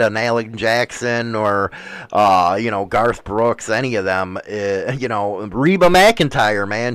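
Male host, casual rambling talk, rough language, smooth clear voice, dry close sound. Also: medium pitch, fairly bright tone, no room sound, poor audio. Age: adult, married. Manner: rambling, profane, many fillers and "man".

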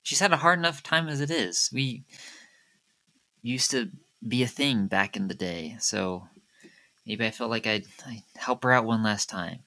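A man's voice: medium pitch, unhurried, bright, forceful tone. A man voicing a nervous former classmate caught snooping, who stammers and sighs as he explains himself. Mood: pleading. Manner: flustered, stammering, sighing.

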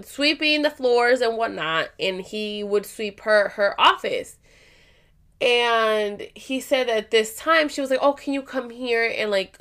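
A young adult woman vlogger casually telling a story to her viewers, animated and profane, acting out what people said. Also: a little high. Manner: animated and profane, acts out quotes.

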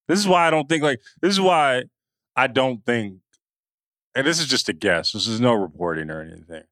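A man's voice: medium pitch, expressive, a little fast, fairly bright tone, no room sound, clean studio sound. A man co-hosting a casual sports podcast, easygoing and teasing, with slangy speech. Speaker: podcast co-host.

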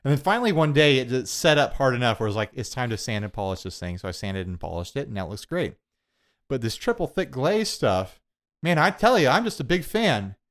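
A man's voice: mid-range voice, very animated, fairly quick. A young adult man co-hosting a casual podcast chat, rambling and self-deprecating, laughing often. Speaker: podcast co-host.

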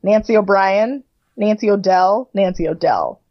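A woman's voice: medium pitch, a little slow, lo-fi sound. A woman co-hosting a podcast, chatting casually as she recaps a reality show, with many fillers and casual swearing. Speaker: podcast co-host.

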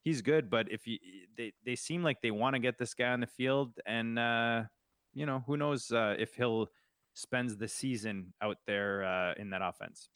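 Canadian-accented male analyst, loose and joking, mid pitch, dry sound. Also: normal speed, fairly bright tone, smooth, dry recording. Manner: rambling, joking. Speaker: fantasy football analyst. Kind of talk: casual podcast chat.

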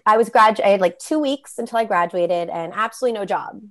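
A woman's voice: mid-range voice, fast talker. A woman in her twenties, a sports arena host from South Florida, chatting as a guest on a podcast and laughing often. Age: 20s. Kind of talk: casual chat.

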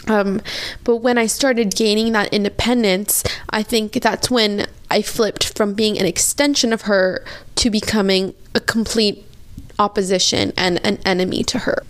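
A woman's voice: medium pitch, steady tone, a little slow. A young woman in her twenties hosting a podcast, telling a personal story candidly and emotionally with many "like" fillers. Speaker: podcast host.

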